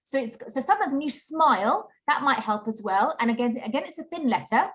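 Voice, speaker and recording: A woman's voice: sits high, expressive, fairly quick, a bit bright. Patient woman teaching an online class. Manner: patient, repeats key points with frequent "okay?". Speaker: Qur'an teacher. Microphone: video call.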